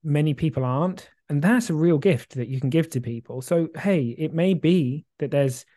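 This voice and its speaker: A man's voice: a little high, moderate pace, mellow, no echo, clean studio sound. A man co-hosting a podcast in casual chat, rambling and reflective with many fillers and restarts. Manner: swears casually, laughs easily. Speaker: podcast co-host.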